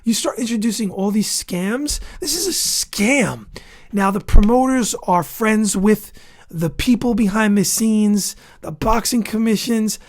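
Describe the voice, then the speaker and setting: A boxing show host giving heated, opinionated commentary, ranting and repeating insults for emphasis while skimming an article. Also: mid-range voice. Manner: skims and reads an article aloud between outbursts.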